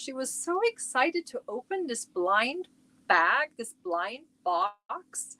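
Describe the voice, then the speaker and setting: A woman's voice: mid-range voice, expressive, takes it slowly, a bit bright, no room sound. A middle-aged woman chatting casually on her crochet livestream from home, rambling and talking to viewers by name.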